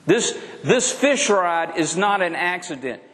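A pastor preaching a sermon, drawing out his phrases and swinging between soft and emphatic. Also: high-pitched, expressive, unhurried. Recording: long reverb of a large hall.

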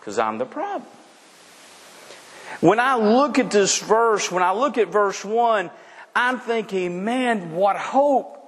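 A male preacher with a high voice that rises and falls widely, delivering his sermon slowly and emphatically. He asks rhetorical questions and keeps repeating his key points. His voice carries a long reverb, as though in a large hall. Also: big pitch swings, fairly bright tone. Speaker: pastor.

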